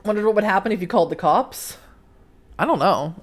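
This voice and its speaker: A woman's voice: mid-range voice, expressive, fairly quick. A woman hosting a let's play at home, reading the game aloud and throwing in sarcastic, laughing asides. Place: home next to train tracks.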